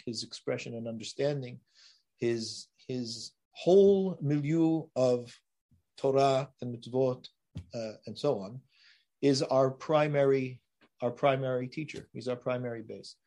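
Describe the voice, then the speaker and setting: A man teaching a Torah class, emphatic and building to forceful rises on key points, then dropping to quiet asides. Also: medium pitch, unhurried. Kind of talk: Torah lecture.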